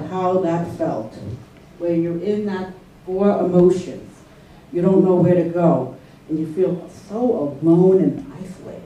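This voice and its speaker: A woman shares a personal story with an audience in a loose, conversational way and keeps checking in with her listeners. Her voice is dark and mellow. She is picked up by a distant mic in a very echoey room with a faint hum of noise. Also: on the low side, muffled recording.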